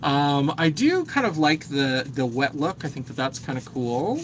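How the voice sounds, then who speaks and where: A man's voice: on the high side, sing-song, normal speed, slight background noise, low-quality recording. A man in his thirties hosting a casual makeup livestream, chatting and reading viewer comments aloud. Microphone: phone.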